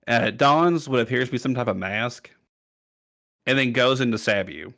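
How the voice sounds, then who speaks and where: A man's voice: mid-range voice, moderate pace, fairly bright tone. A man narrating a tabletop game as game master, casual, with lots of fillers.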